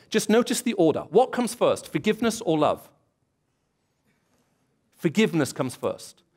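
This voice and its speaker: A man preaching a sermon in a church, telling stories and acting out bits of dialogue. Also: sits high. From England. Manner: storytelling, acts out dialogue and voices.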